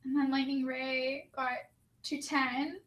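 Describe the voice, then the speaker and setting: Bright high-voiced young woman. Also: level tone, slow. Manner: cheerful, reads quotes aloud. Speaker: write-in co-host. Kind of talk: casual livestream chat.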